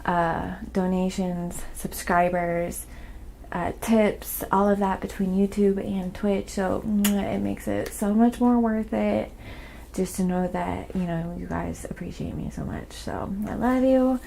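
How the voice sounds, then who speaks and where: A woman from Oklahoma with a slight Southern accent, chatting softly on a live painting stream and reading viewer comments aloud. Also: mid-range voice, fairly even intonation, measured pace, vocal fry, a little hiss or hum. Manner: reads viewer comments aloud, thanks donors. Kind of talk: soft-spoken ASMR live stream chat.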